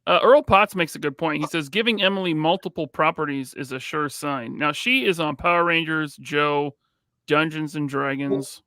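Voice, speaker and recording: Brief: easygoing male co-host, bright tone, close and dry sound, a bit high. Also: normal speed, dry recording. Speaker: podcast co-host reading viewer comments. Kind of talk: casual podcast chat.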